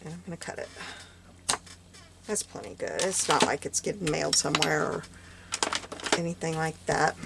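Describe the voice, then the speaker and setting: A woman's voice: deep voice, fairly even intonation, normal speed, long pauses. A woman losing her voice, musing aloud and often dropping to a murmur while she walks through a craft project at home. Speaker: craft vlogger. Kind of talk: casual crafting walkthrough. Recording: clear background noise.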